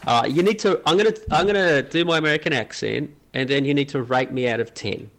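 A man's voice: fairly high pitch, fairly bright tone. Hesitant man, podcast co-host. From Australia. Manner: halting, hesitant, many fillers. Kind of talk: casual podcast chat.

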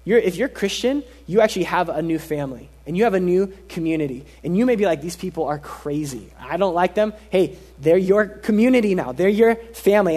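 A man with a fairly high voice preaching a sermon, earnest and emphatic. He repeats key lines and drops to a soft, quiet voice when he wants something to land. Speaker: pastor.

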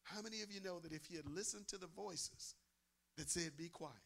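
Male preacher, high and gravelly, emphatic sermon delivery with repeated phrases. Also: a little fast, fairly bright tone. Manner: emphatic, repeats phrases, asks the crowd "amen?".

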